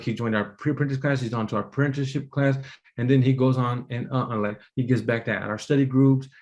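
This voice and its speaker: A man's voice: mid-range voice, a little mellow. A man telling his personal story to a meeting audience in a casual, rambling way, full of fillers and restarts, earnest and emotional. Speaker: apprentice speaker at a business meeting.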